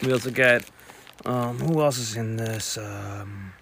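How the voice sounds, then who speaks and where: A man's voice: mid-range voice, slow pace, gravelly, fairly bright tone, slight background noise. Chatty man reviewing a movie. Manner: rambling, chatty, with self-corrections and restarts. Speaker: podcast host. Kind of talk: casual spoken movie review. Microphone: podcast microphone.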